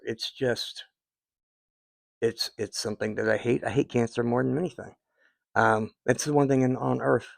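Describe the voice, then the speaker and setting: A man's voice: lowish voice, gravelly, a little mellow, husky, no room sound. A man in his fifties talking to his viewers in a rambling, heartfelt way, with many fillers and restarts. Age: 50s. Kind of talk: casual personal talk to viewers.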